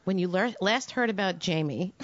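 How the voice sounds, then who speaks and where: A woman's voice: fairly low pitch, normal speed, no echo, lo-fi sound. Giggly woman co-hosting, bawdy quips. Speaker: co-host. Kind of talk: casual banter. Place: studio.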